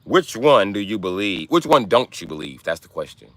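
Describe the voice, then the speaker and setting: A man's voice: on the low side, big pitch swings, moderate pace, dry recording. A man hosting a livestream, ranting in brash, profane trash talk. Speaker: livestream host. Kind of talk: live-stream rant.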